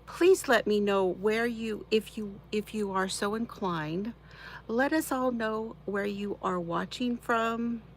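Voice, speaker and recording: Slow-talking woman chatting with viewers. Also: mid-range voice, a little hiss or hum, poor audio. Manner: chatty, warm greetings to viewers by name, frequent laughter. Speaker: crafting channel host. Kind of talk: casual live-stream chat with viewers. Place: home, seated in her chair.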